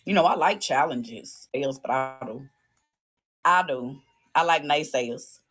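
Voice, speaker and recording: A woman's voice: sits low, unhurried, fairly bright tone, slightly rough, faint music behind. A woman hosting a livestream from her phone, ranting in a profane, taunting, repetitive way. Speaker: livestream host. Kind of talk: heated livestream rant.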